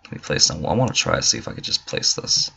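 A man's voice: very deep voice, sing-song, fast, creaky, pushed and bright, husky, lo-fi sound. A man giving casual, profane, joking let's play commentary and talking back to game characters. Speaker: gamer.

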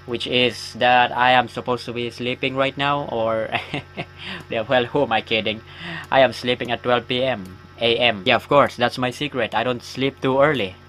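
Steady in tone and moderate in pace, this man's mid-range voice is a bit bright. He's a gaming YouTuber chatting loosely through a horror game, poking fun at himself and yelping at the scares.

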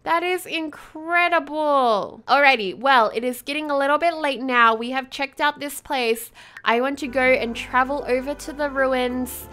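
A woman hosting a let's play, giving excitable gameplay commentary full of gasps and exclamations of wonder. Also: sits high, a little slow.

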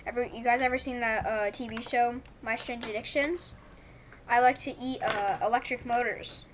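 A young woman from Canada giving chatty, excitable commentary while playing a game at home, thinking aloud. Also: fairly high pitch, moderate pace, noisy background. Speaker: gaming YouTuber. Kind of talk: casual gameplay commentary. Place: home room. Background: family's movie faint in background.

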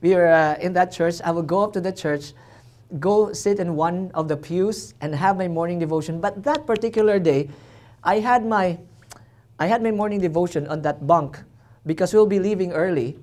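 A man's voice: high-pitched, normal speed. A man, a traveling missionary, telling a personal testimony in a church sermon with self-deprecating jokes and acted-out reactions. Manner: lively storyteller, self-deprecating jokes, acts out his own reactions.

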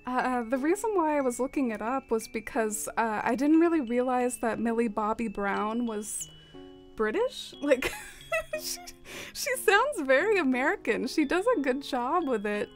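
A young woman streamer with a slightly high voice, chatting softly and loosely with her viewers as she plays. She rambles, leans on fillers and lets her thoughts trail off. Faint game music plays quietly behind her. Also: lively intonation, measured pace. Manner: soft-spoken and rambling, many fillers and trailing off. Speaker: live streamer. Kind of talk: casual stream chat while playing a game.

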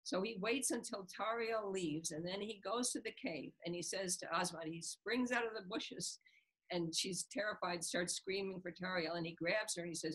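A woman's voice: mid-range voice, normal speed, slightly rough, poor audio. A woman author being interviewed, retelling a scene from a book and acting out its characters' lines. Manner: animated storyteller, acts out the characters' lines with a laugh.

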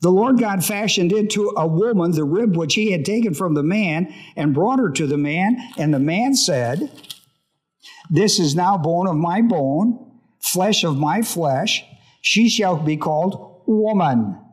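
A male pastor teaches from scripture in a slightly high voice. He reads a few verses, then stops to ask his listeners questions before he reads on. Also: expressive, measured pace. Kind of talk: Bible study sermon.

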